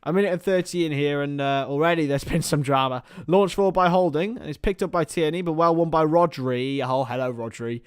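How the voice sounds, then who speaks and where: A man streaming live fan commentary on a football match, excitable and rambling, chatting with his viewers between calls of the play. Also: fairly high pitch, fairly quick, hardly any pauses, clean tone, no echo, clean studio sound.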